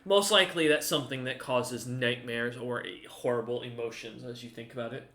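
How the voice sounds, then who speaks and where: A man's voice: mid-range voice, steady tone, sharp tone. Man narrating as game master, roomy sound. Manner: casual, halting narration with fillers.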